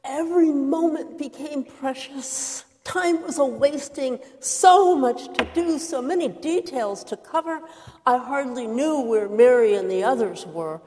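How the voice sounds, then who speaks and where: Brief: a woman as Martha, a harried, indignant hostess, slow and measured, slightly high voice, echoing hall. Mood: hurried. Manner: earnest, expressive storytelling with quoted outbursts. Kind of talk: dramatic first-person monologue. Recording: reverberant hall.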